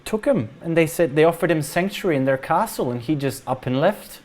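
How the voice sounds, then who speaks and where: A man voicing a worried middle-aged mother in a tabletop game, speaking in halting, stammering bursts. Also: a little high, lively intonation, a little mellow, pitched above the performer's own voice, natural voice. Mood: anxious.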